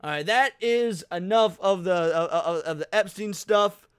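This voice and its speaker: Male livestream host, heated sweary reaction commentary, high, clean dry voice. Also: a little slow, smooth, dry recording. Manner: profane, heated ranting.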